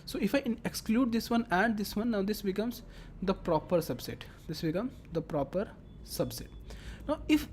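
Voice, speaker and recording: A woman's voice: medium pitch, lively intonation, normal speed, a little mellow, slight background noise. A woman teaching a lecture, explaining step by step and repeating her phrases as she works through examples. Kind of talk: classroom lecture.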